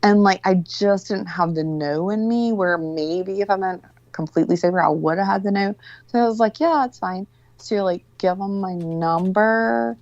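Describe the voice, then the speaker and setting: A woman's voice: mid-range voice, normal speed, a little mellow, no room sound, highs cut off. A woman telling a story in casual chat, rambling, exasperated and full of swearing.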